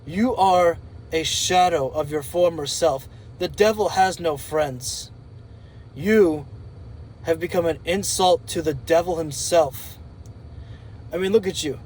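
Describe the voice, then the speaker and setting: A man voicing a dark, menacing male wrestler who delivers slow, contemptuous insults to a rival. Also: on the high side, a little hiss or hum, poor audio.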